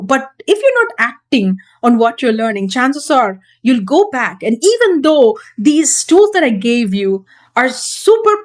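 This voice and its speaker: A woman parenting coach teaching straight to camera, earnest and emphatic, repeating her key points. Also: high-pitched.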